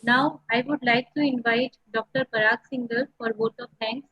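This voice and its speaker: A woman with a husky voice makes formal, courteous announcements as the webinar compere. Her pitch sits a little high, and the sound is dry and dull, like lo-fi audio. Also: steady tone, normal speed, a bit bright, no room sound.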